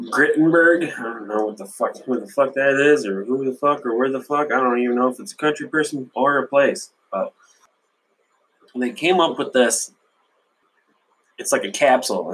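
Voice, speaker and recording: Man, podcast host, husky voice, stuffy runny nose, rambling, cussing, self-mocking. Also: mid-range voice, a bit bright, low-quality recording. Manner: rambling, profane, laughs at himself.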